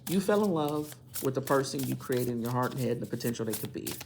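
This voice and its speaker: A woman reads tarot for her viewers with a deep voice that has a gravelly edge. She preaches her points with emphasis and repeats key lines to make them stick. A faint hiss of noise sits under the recording. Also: lively intonation, quick pace, darkish tone. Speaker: tarot reader. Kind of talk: tarot reading monologue.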